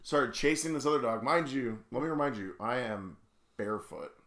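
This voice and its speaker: In a reverberant space, a podcast co-host with a mid-range voice talks at a moderate pace. He tells animated stories in a casual chat and keeps laughing along.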